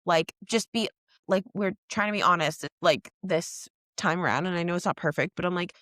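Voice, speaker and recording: A woman's voice: on the low side, normal speed, a bit bright, dry recording, studio quality. A woman co-hosting a podcast, chatting casually and jokingly about a TV episode, often laughing. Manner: giggly, jokey, quotes characters in put-on voices. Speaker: podcast co-host. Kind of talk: casual recap chat.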